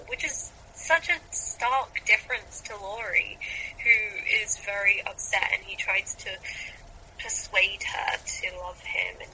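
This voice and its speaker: A woman's voice: mid-range voice, a little slow, bright, forceful tone, a little hiss or hum, low-quality recording. A woman guest on a podcast, thoughtfully making long points about books in casual discussion.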